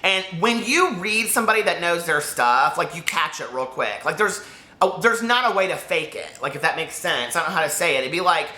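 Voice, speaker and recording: A man reviewing a book in a rambling, excitable, casual chat, often cutting himself off mid-sentence. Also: on the high side, brisk. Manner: rambling, excitable, self-interrupting. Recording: echoey room.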